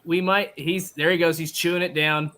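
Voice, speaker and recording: A man's voice: a little high, flat delivery, moderate pace, bright, forceful tone. A man, a guest on a sports radio show, doing joking play-by-play of the host eating. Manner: playful, laughing, narrating like a play-by-play caller. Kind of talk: mock play-by-play commentary.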